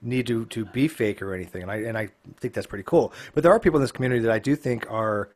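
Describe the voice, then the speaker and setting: A man's voice: on the low side, quick pace, a little mellow. A man from California co-hosting a casual live-stream chat, rambling with false starts and swearing. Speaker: co-host.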